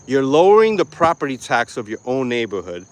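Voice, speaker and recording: A man's voice: medium pitch, very animated, fairly quick, dry recording. Ranting, swearing man vlogger. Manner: angry, mocking, loud and swearing. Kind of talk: profane rant to camera. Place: lives in Florida.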